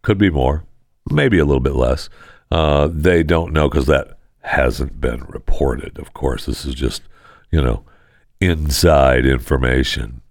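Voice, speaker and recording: A man's voice: extremely low pitch, unhurried, vocal fry, no echo, studio quality. A man hosting a sarcastic news commentary show, talking with mocking, sardonic asides. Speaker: host.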